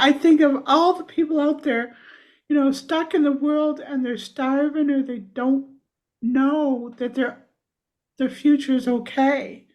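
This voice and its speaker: High-voiced earnest woman healer. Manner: earnest, gentle, repeats words as she searches for them. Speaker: energy healer. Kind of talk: heartfelt casual conversation.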